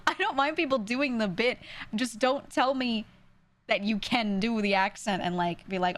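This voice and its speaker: A woman's voice: a little high, takes it slowly, pauses often, a bit bright. Ranting young woman with a New York accent. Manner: ranting, peppered with "like" and swearing. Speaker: streamer. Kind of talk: casual stream chat.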